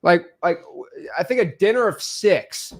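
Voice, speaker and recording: A man with a somewhat high voice talks in animated bursts, jumping up in pitch as he tells stories. He co-hosts a casual chat and reads out viewer questions. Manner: animated storyteller, quick shifts in pitch. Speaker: co-host answering viewer questions.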